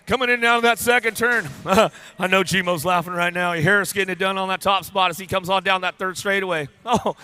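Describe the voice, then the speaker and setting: A man doing live race commentary at a BMX track, rattling off rider names in a rapid-fire, playful way and joking with riders and crew. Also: high-pitched, pushed and bright, clear, resonant tone. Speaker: race announcer.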